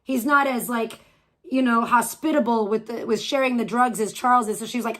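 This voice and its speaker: Woman streaming from home, kinda high voice, swears a lot, sarcastic and mocking. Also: fairly even intonation, fairly quick, a bit bright. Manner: profane, mocking, sarcastic asides. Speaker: streamer reacting to another stream. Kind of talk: live stream commentary.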